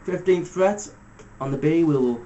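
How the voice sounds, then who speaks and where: A man giving a casual step-by-step guitar lesson, talking through fret numbers in a relaxed way with fillers. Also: fairly high pitch, moderate pace, highs cut off, a little hiss or hum. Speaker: guitar teacher. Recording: loud guitar music under the voice. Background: electric guitar playing between phrases.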